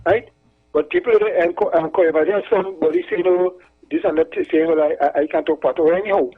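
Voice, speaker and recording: A man's voice: on the high side, fairly even intonation, quick pace, husky. A man calling into a talk show, rambling and repeating himself as he tells stories. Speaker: caller. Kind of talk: casual call-in chat. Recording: tinny phone line.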